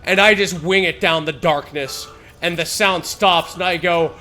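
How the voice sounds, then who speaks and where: A man's voice: high voice, measured pace, sharp tone, faint music behind. A man streaming a game, telling a long story in a rambling, casual way and laughing at his own jokes. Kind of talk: casual storytelling while gaming. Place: home streaming setup.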